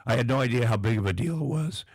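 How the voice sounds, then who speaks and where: A man's voice: mid-range voice, fast, slightly rough, no echo. Self-deprecating male comedian telling stories. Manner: self-deprecating, animated storyteller. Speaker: comedian and actor, guest. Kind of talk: casual anecdotal storytelling.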